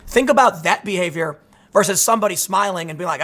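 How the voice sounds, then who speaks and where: He talks fast, his high voice carrying a slight brightness, as a political commentary host in his thirties. The casual monologue stays conversational and sarcastic, broken up by frequent restarts and digressions.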